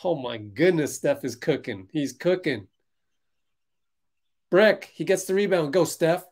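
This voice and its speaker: A man hosting a fan livestream, reacting loudly to a basketball game as it plays and answering viewers in chat. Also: fairly high pitch, lively intonation, unhurried. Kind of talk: live basketball watch-along commentary.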